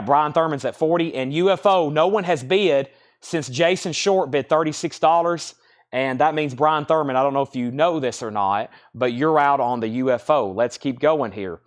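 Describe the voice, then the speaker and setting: A medium-pitched man with a Southern US accent runs a live-stream vinyl auction, calling out bids and describing records in a quick, talkative manner.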